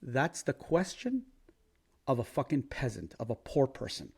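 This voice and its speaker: Brash, profane man with gravelly voice. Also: medium pitch, wildly swooping pitch, a little slow. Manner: brash, profane, talks while checking charts. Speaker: crypto trading vlogger. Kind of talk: casual market commentary.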